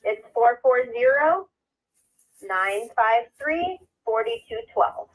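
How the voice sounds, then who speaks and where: A woman's voice: on the high side, big pitch swings, takes it slowly. A woman dispatcher on a phone call, firm and businesslike as she turns down a request. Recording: tinny phone line.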